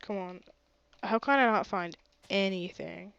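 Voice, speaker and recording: A woman's voice: medium pitch, a little slow, creaky, a bit bright, clean tone, dry recording, lo-fi sound. A woman streaming a game with a sore throat, chatty and often gasping and exclaiming. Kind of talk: casual gaming commentary.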